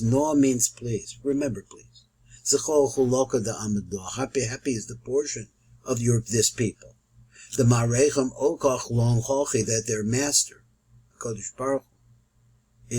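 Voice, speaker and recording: A man's voice: medium pitch, darkish tone, slightly rough, low-quality recording. A man teaching a recorded Torah study lesson, explaining Hebrew and Aramaic quotations as he goes.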